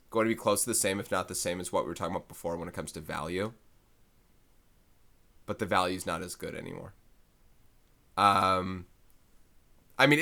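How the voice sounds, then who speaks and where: A math teacher records a lesson with a fairly low voice and a bright, forward tone. He talks through the problem the way he thinks it, casual and conversational. He stops often to correct himself mid-thought.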